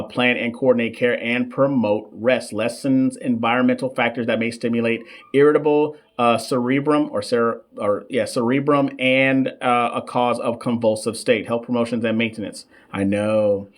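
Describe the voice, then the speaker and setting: A man's voice: mid-range voice, fairly even intonation, moderate pace. Chatty man coaching nurses live. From United States. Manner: chatty, reads chat shout-outs, stumbles over long terms. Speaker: nurse coach hosting a live question session. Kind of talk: casual live-stream teaching. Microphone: desk microphone.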